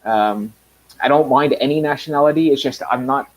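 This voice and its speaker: A man's voice: mid-range voice, normal speed, rough recording. A Canadian man with a mild Canadian accent talking casually to his viewers, rambling with lots of ums, restarts and blunt remarks. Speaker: reviewer.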